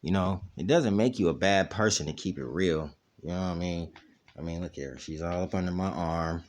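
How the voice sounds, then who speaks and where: Low-pitched man hosting a home dog vlog on camera, rambling and casual, asking "you know what I mean" a lot. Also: normal speed, a little mellow. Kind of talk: casual chat. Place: at home, indoors.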